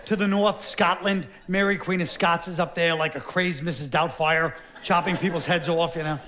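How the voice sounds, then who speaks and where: Sardonic high-voiced comedian, live theater. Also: male voice. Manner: sardonic, deadpan, quick asides, drops into put-on voices. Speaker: stand-up comedian. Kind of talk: stand-up comedy. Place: Broadway theater stage, live audience. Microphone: stage microphone.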